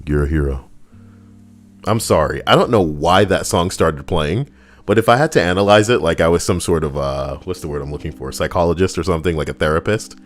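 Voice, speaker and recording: Brief: male streamer, young, reads stories and riffs with crude humor, deeper voice. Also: fairly quick, faint music behind. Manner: animated, profane, jokey asides. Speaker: streamer reading viewer stories. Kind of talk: livestream reading with comic riffing.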